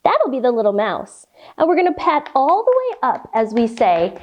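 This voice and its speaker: A woman's voice: fairly high pitch, wildly swooping pitch, normal speed, dull audio. A young adult woman teaching a children's yoga lesson, giving cheerful sing-song instructions with rhymes and animal sounds.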